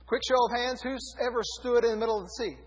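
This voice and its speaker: Preaching fast in a very high-pitched, steady, slightly rough voice, a man reads scripture aloud to his congregation and catches his own slips as he goes, keeping a conversational tone. The audio is dull, lo-fi and echoey from a large hall.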